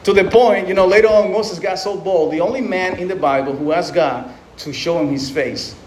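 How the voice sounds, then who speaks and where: A man's voice: high voice, normal speed, a crowd in the background. A man preaching a sermon in a conversational way, often acting out quotes with restarts along the way. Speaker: pastor. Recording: echoey room, faint noise.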